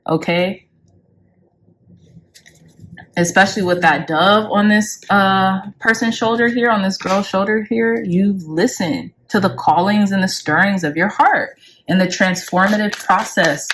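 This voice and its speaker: A woman giving a pick-a-card tarot reading in an effusive, emotional way, with swings up in pitch on key words and casual swearing. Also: normal speed, a bit bright, slight background noise. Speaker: tarot reader.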